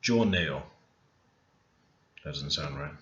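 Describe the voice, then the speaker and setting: A man talking through a screen-recorded language lesson, unhurried and thinking aloud as he types. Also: a bass voice, animated, slight background noise. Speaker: language learner teaching Korean. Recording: roomy, dull lo-fi sound. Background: keyboard typing and clicks.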